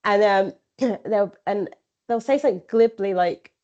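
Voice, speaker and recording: A woman's voice: mid-range voice, measured pace, darkish tone, muffled recording. A woman guest on a running podcast, chatting casually and acting out conversations she has had. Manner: chatty, acts out quoted exchanges, laughs often. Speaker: ultrarunner guest.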